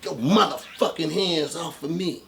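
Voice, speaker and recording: A man's voice: a little high, a little slow, vocal fry. A man quoting a snarling, suspicious thug who spits out short, cursing threats. The voice stays close to the storyteller's own, with curt, cold delivery. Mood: hostile.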